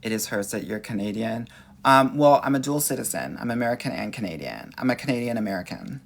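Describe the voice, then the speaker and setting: A sassy, animated man from Los Angeles with a Valley accent, a dating coach answering viewer questions on a livestream. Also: mid-range voice, fast, vocal fry.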